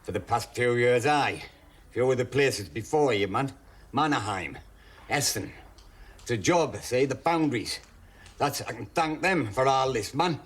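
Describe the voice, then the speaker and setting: An actor playing a stubborn, bitter old man from Darlington who is dying in hospital and speaks with a Northeast English accent, gruff, curt and short of breath. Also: medium pitch, lively intonation, measured pace. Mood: weary. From Darlington, northeast England. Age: older. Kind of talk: television drama acting.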